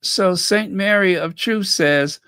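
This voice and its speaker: Reacting to clips and viewer comments on her fan channel livestream, a woman chats casually, reading comments aloud and thinking out loud. Her medium-pitched voice is slow, a bit bright, clear, and resonant, recorded dry in studio quality.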